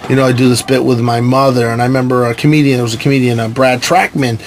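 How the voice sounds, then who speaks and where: A man from New York tells animated stories on a podcast recorded aboard a sailboat. His voice sits mid-pitch, and he swears freely and slips into quoted voices. A faint hum of ambience sits behind him. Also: fast talker. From New York State, USA. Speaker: guest, actor and stand-up comedian. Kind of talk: casual podcast chat.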